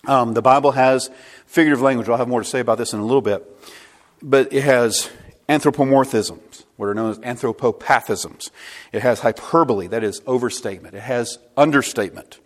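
A man's voice: medium pitch, fairly quick. A man preaching a sermon, emphatic and asking the congregation rhetorical questions.

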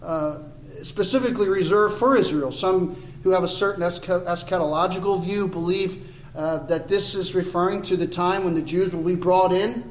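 A man with a high voice preaches a verse-by-verse sermon, earnest and rising to emphatic points. His voice rings around an echoey church sanctuary, with faint room ambience behind it. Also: moderate pace, a little hiss or hum. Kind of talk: expository sermon.

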